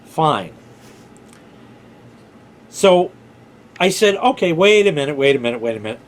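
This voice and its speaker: A man's voice: a little high, sing-song, a little slow. A man casually telling a rambling personal story, informal, with filler words and the odd swear. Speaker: vlogger.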